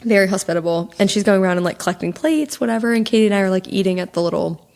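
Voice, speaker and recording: A woman's voice: mid-range voice, very fast, creaky, a little mellow. A young woman co-hosting a podcast, telling stories in casual chat with lots of fillers. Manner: chatty storyteller, lots of fillers. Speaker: podcast co-host.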